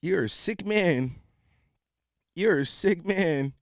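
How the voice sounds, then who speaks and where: A young man doing a comedic rant, animated and profane, full of slang and repeated restarts. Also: high voice, slow, dry recording, studio quality.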